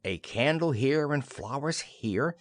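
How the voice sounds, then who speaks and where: A man's voice: medium pitch, lively intonation, slow pace, no room sound. A man voicing a young wife who hides a secret, pleading and then brushing off her worry. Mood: coaxing.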